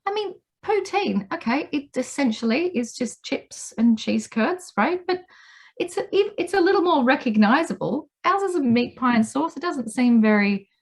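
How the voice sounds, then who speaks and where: Lively Australian woman telling stories. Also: high voice, moderate pace. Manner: animated storyteller, acts out quotes. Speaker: guest. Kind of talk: casual chat.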